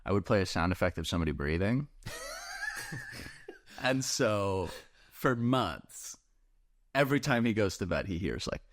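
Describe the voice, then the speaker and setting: Deadpan, low-voiced male comedian. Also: measured pace, long pauses. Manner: dry, deadpan storytelling. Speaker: comedian and author guest. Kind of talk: casual interview chat.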